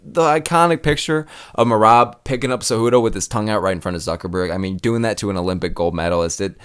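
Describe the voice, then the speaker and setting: Brief: rapid-fire male host, slangy and cussing, heated casual commentary. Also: on the low side, smooth. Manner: heated, profane, slangy rant. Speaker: MMA commentary channel host. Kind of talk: casual tier-list commentary.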